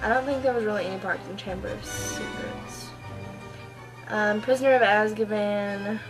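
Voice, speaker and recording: A woman's voice: mid-range voice, normal speed, music in the background, low-quality recording. A teenage girl vlogging at her computer, gushing and rambling with lots of ums and likes. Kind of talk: casual chat. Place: at home in front of a computer.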